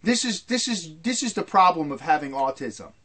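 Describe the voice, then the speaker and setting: A man's voice: on the high side, lively intonation, moderate pace, pushed and bright. A man delivering a heated, ranting monologue, stumbling and repeating himself as he builds his point. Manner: heated, repetitive, stumbling restarts.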